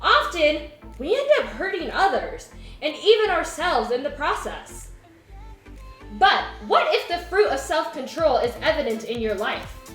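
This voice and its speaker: A woman gives a children's object lesson in a high, animated voice, asking the kids questions. The room is echoey, and faint music plays behind her. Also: measured pace. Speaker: children's teacher.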